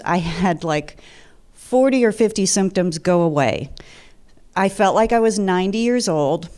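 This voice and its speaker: A woman's voice: fairly low pitch, a little mellow, clean tone. A woman in her fifties from the Detroit area, telling her personal story at a seminar in a chatty, humorous way. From Detroit area, USA. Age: 50s.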